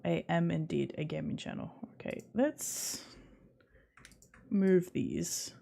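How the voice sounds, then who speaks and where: A woman's voice: lowish voice, slow, creaky, mellow. A young woman with an Australian accent, chatting casually with viewers on a live stream, rambling and restarting her sentences with giggles. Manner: rambling, self-interrupting, giggly.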